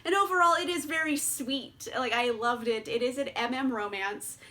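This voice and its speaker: Bright, high-voiced young woman vlogger. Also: normal speed. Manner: animated, blunt and swears freely. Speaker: book vlogger. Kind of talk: casual book review chat.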